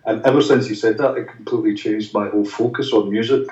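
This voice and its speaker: A man's voice: fairly low pitch, steady tone, fast talker, darkish tone. A musician guest in a chatty interview, telling long anecdotes with many restarts and acting out the voices of people he quotes. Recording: roomy, distant, dull sound.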